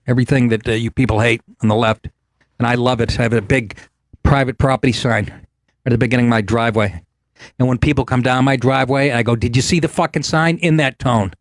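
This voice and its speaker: A man's voice: medium pitch, dry recording, clean studio sound. A man hosting a talk show, telling stories in a casual, sarcastic and profane way and putting on voices when he quotes people. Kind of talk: casual comedic monologue.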